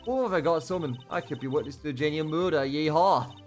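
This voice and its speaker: A man voicing a loud, folksy young woman photographer with a put-on American Southern drawl, over faint music. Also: a little high, animated, fast, lightly acted. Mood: boisterous. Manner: boisterous, drawling. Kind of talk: voicing game dialogue on a livestream.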